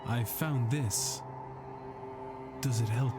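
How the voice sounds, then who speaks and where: An actor playing a calm adult male investigator in a video game, asking quiet, measured questions. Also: medium pitch. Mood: hushed. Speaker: game protagonist. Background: game music.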